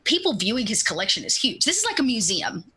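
A woman narrating a tabletop role-playing game as game master, relaxed with lots of fillers. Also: on the high side, fast talker, breathy edge. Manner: relaxed, many fillers, shifting pace.

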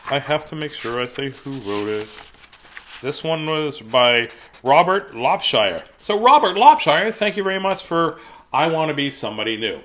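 Bright-voiced chatty man. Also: medium pitch, expressive, normal speed, a little hiss or hum. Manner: chatty, rambling, greets viewers by name. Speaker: children's book reader on a livestream. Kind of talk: casual chat before a read-aloud. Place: at home.

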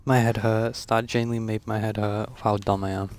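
A man's voice: on the low side, little pitch movement, fairly quick, background noise. A man streaming a game live, talking to himself in a frustrated, self-mocking way and swearing a lot. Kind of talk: live gameplay commentary.

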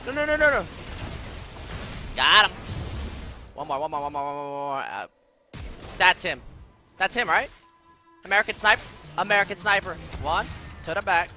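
A man's voice: on the high side, big pitch swings, moderate pace, pauses often, soft background music. Brash, profane game streamer man. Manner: brash, profane, swings from muttering to shouting. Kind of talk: live gameplay commentary.

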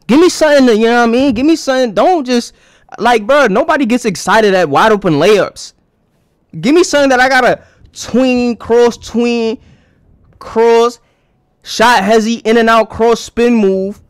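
A young man with a fairly high voice gives blunt, crude reaction commentary full of slang. He talks casually, like he is riffing with friends. The sound is dry and close, with no room around it. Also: moderate pace, clean tone, no room sound. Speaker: host reacting to a dating video.

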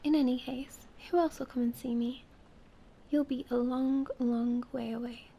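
A proud, delicate flower speaks in a breathy whisper, as a woman voices her in a whispered role-play. The voice sits high and sounds mellow and hushed. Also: level tone, moderate pace. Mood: tender. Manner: soft, gently whispered.

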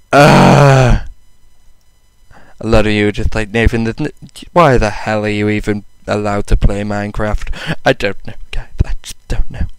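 A young man casually commenting on his own gameplay, mocking himself, swearing a lot and breaking into sudden loud outbursts. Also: lowish voice, steady tone, measured pace, smooth, dry recording. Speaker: gaming channel host.

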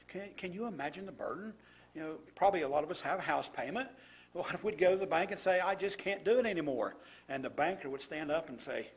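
A man's voice: high-pitched, big pitch swings, a little fast, husky. A man preaching a sermon, reading scripture aloud and commenting with rhetorical questions to his congregation.

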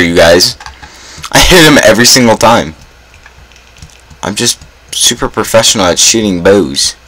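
A man's voice: sits low, animated, moderate pace, a bit bright, poor audio. A young man giving casual gameplay commentary, full of self-mocking groans and dramatic exclamations. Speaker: gaming YouTuber.

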